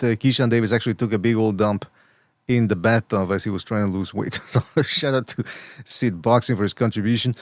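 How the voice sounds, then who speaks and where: A man's voice: mid-range voice, dry recording, studio quality. A man hosting a boxing podcast, chatting casually and rambling, with lots of repeated words and restarts. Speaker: podcast host.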